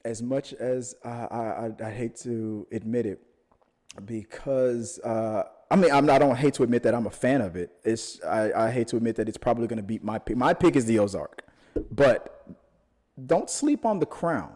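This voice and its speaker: A man's voice: medium pitch, normal speed. Joking man co-hosting a podcast. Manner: animated, jokey, laughs often. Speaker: podcast co-host. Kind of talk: casual chat.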